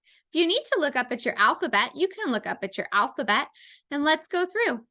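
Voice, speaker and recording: A woman's voice: high voice, big pitch swings, pushed and bright. A woman teaching a phonics lesson to children, sounding out words sound by sound. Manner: slow, sounding out words letter by letter.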